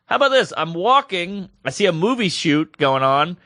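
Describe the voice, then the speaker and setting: A man's voice: high voice, very animated, moderate pace, bright, forceful tone, dry recording, studio quality. A man co-hosting a podcast, telling a story in casual comedy chat, playful with goofy asides. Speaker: podcast co-host.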